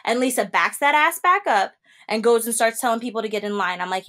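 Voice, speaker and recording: A young adult woman co-hosting a podcast, telling a story in casual chat and acting out the quotes with big jumps in pitch. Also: brisk, a bit bright. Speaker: podcast co-host.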